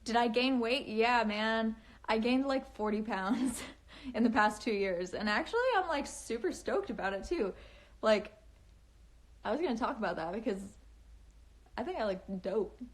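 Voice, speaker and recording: A woman's voice: fairly high pitch, lively intonation, normal speed. Giggly young woman chatting on a live stream. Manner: chatty, giggly, valley-girl lilt with many fillers. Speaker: livestreaming author. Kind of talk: casual live stream chat.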